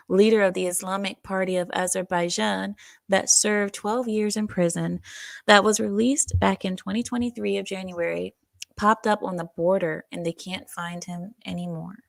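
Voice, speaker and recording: A woman's voice: mid-range voice, fairly even intonation, moderate pace, creaky, no room sound. A woman co-hosting a casual political talk stream, reading viewer comments aloud, a little out of breath and searching for words as she goes.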